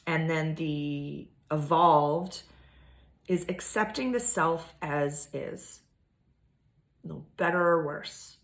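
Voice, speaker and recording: In an echoey room, a woman with a low, slow voice rambles casually through an astrology vlog, swearing and filling her monologue with fillers.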